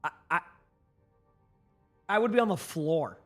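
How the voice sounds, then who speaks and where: A man from Massachusetts without a regional accent, rambling casually to his live-stream chat with lots of filler words and quick answers to viewers. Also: fairly high pitch, sing-song, fairly bright tone, soft background music.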